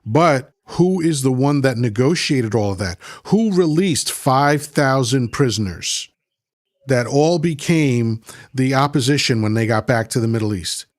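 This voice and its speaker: A man's voice: mid-range voice, a little slow, no room sound, clean studio sound. A man hosting a livestream, reading chat comments aloud and arguing with them in a combative, mocking way, often repeating himself. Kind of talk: heated political rant.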